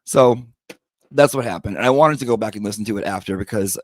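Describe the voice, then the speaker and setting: Sassy, profane low-voiced man. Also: fast talker, no room sound. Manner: sassy, profane, dramatic retelling of quarrels. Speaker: podcast host. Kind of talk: profane storytelling monologue.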